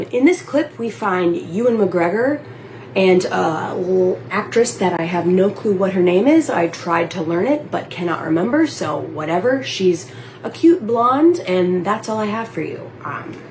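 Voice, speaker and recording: A woman's voice: lowish voice, darkish tone, a little hiss or hum, poor audio. A woman introducing her comedic video from a laundry room in a breezy, offhand way. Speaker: video contributor.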